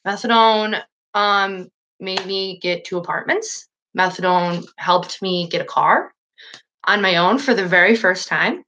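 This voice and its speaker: A woman's voice: mid-range voice, unhurried, pushed and bright, muffled recording, slight background noise. A woman live-streaming an emotional monologue, upset and sad, swearing, trailing off and restarting her sentences. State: sad and agitated.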